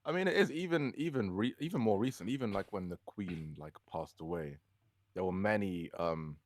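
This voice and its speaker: A man's voice: low-pitched, expressive, moderate pace. A young man from the UK co-hosting a casual podcast chat, talking hesitantly with many fillers and laughing as he tells a story. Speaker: podcast co-host.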